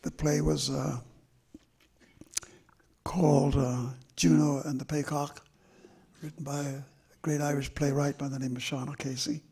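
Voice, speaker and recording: Older man, memoir author, very raspy voice, gravelly, reflective, slow storytelling with pauses, live talk on stage. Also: fairly high pitch, flat delivery, dark tone. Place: stage event before an audience.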